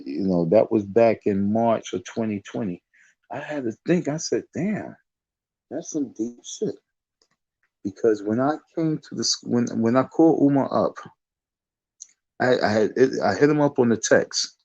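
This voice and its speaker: A man's voice: lowish voice, normal speed, creaky, dark tone, dry recording, muffled recording. A man telling a rambling story in a casual monologue, often restarting his sentences. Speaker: online talk show host.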